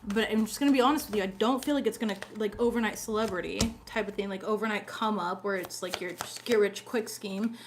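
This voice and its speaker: A woman's voice: medium pitch, quick pace, hardly any pauses, background noise. A woman doing a casual tarot reading in a chatty, blunt and sassy way, swearing freely and laughing often. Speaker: tarot reader.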